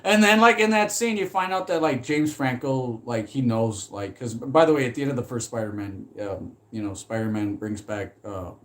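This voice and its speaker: A man chatting casually about films in a loose, rambling way. He gets animated, swears freely, and laughs often between thoughts. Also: mid-range voice, moderate pace, hardly any pauses. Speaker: movie commentary vlogger. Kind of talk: casual chat.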